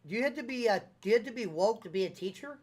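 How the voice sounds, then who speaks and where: High-voiced man teasing bluntly. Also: animated, racing, a little mellow. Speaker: podcast host. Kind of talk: casual chat. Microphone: studio microphone.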